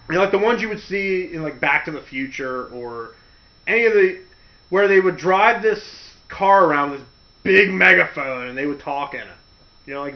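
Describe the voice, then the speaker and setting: A man hosting a show, telling stories in a casual, comedic way, laughing often, in a lo-fi recording. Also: high-pitched. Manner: animated, laughing, full of impressions. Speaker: host. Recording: dull lo-fi recording.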